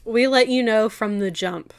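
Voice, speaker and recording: A woman's voice: on the high side, normal speed, clear, resonant tone. A woman co-hosting a history podcast, chatty and enthusiastic with frequent laughs. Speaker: podcast co-host. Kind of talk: casual history podcast chat.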